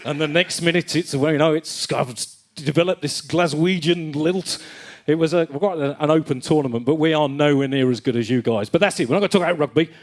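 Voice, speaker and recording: A man's voice: a little high, brisk, few pauses. A man hosting a live-streamed church music evening, talking in a loose, jokey way with plenty of fillers. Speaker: band member and host of the live stream. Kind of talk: casual live-stream chat.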